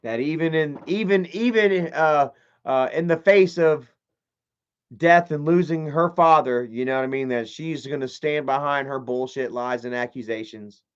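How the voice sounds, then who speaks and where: Profane, animated male streamer, lo-fi audio. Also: a little high, normal speed, clear, resonant tone. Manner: profane, animated, mocking, reads chat aloud. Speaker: live streamer. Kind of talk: casual livestream commentary.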